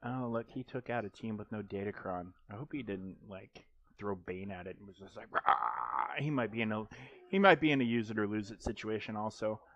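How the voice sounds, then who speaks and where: A man's voice: fairly low pitch, a little fast, fairly bright tone, lo-fi sound. A man streaming a mobile game live, chatting casually and joking, rambling with frequent ums and restarts.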